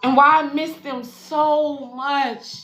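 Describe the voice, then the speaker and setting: A woman's voice: sits high, steady tone, slow, fairly bright tone. A woman giving a casual, profane, affectionate spiritual reading to viewers, calling them y'all and baby. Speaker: spiritual life coach and intuitive reader. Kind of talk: casual tarot reading livestream. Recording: echoey room with faint music.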